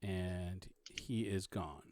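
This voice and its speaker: A man narrating a tabletop game as dungeon master, halting and full of restarts. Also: sits low, darkish tone, no echo, studio quality.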